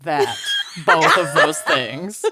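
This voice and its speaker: A woman co-hosting a podcast in casual chat, animated and self-mocking. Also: sits low, takes it slowly, a crowd in the background. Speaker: podcast co-host.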